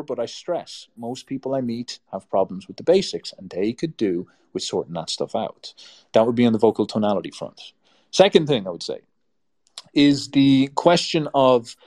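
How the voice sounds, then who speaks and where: An Irish man talks straight to his viewers in a blunt, emphatic rant, swearing freely. His voice rises and falls in a strongly musical, sing-song way, slowing down when he hits a point. It sits at an ordinary middle pitch. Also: a little mellow. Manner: blunt, emphatic and profane, ranting. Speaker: YouTube host. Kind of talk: advice monologue to camera.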